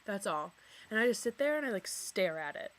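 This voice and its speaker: A woman's voice: mid-range voice, sing-song, fairly quick. A young woman talking casually to camera from her bedroom, filling her speech with "like" and swearing when she gets worked up. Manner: chatty, filler-heavy, says "like" constantly, swears when worked up. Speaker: vlogger. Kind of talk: casual confessional storytelling to camera.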